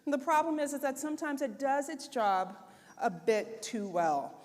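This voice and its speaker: Woman, conference keynote, high-pitched, casual expressive delivery, long hall reverb. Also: moderate pace. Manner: conversational and expressive, with frequent "right?" and "like". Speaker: conference speaker.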